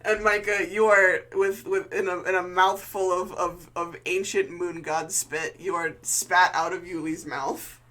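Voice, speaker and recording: A game master narrating a tabletop game in an animated, laughing way. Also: medium pitch, a little slow, few pauses.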